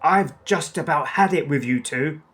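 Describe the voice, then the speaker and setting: A man's voice: on the high side, unhurried, a bit bright. A man voicing a haughty, imperious middle-aged villainess who barks and scolds, in a storybook reading. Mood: furious.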